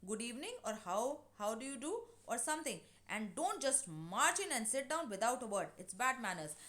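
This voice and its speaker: A woman's voice: a little high, sing-song, normal speed. A woman reading the lines of a stern, scolding housewife from a play. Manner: sharp, scolding.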